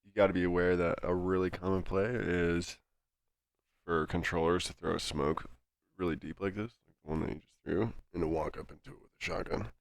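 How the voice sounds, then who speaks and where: Low, gravelly man with a stuffy nose. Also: fairly quick, dry recording. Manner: calm, instructive, with many fillers. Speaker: game coach. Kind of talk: coaching review commentary.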